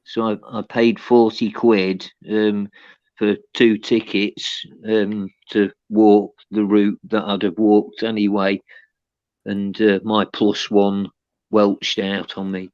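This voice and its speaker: A well-spoken man with an East Midlands accent chats and jokes at an unhurried pace. His voice comes through a slightly dull online call, dry and close. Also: fairly low pitch, flat delivery, a little mellow, no echo. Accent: East Midlands English. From East Midlands, England. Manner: joking, chatty, well-spoken. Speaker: guest on a live call-in show. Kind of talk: casual chat. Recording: muffled online call audio.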